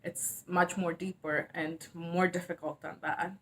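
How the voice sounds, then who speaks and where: A woman's voice: lowish voice, flat delivery, unhurried, a bit bright, a little hiss or hum. A young adult woman talking to camera about hard personal topics, earnest and hesitant, with many fillers and restarts. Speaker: mental health vlogger. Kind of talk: casual emotional talk to camera.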